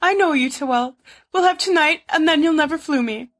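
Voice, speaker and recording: A woman's voice: sits high, brisk, pitched above the performer's own voice, natural voice. A woman voicing an awkward, wry young man who speaks in a dry, mumbling way.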